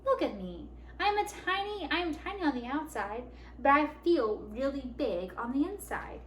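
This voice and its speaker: A woman voicing a tiny, wise flea who gently encourages a friend. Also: high voice, very animated, normal speed, slight background noise. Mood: encouraging. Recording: echoey room.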